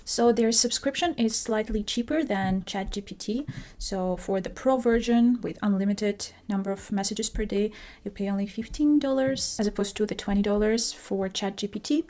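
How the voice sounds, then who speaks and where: A woman vlogger reviewing tech products in a casual, chatty way, self-deprecating and quick to laugh. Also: a little high, darkish tone.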